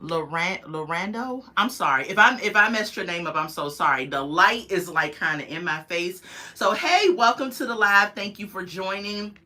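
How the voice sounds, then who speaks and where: A woman's voice: medium pitch, expressive, moderate pace, sharp tone. A woman, casually reviewing a reality show on a livestream and chatting with her viewers. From United States. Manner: chatty, opinionated, talks to viewers in chat.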